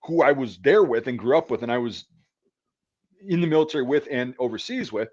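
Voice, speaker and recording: A man in his thirties tells a war-veteran story in loose, profane podcast talk, acting out what others said. His voice sits at a middle pitch and comes through a somewhat muffled, lo-fi recording. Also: expressive, fairly quick, darkish tone. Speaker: podcast host, military veteran. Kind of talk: casual chat, storytelling.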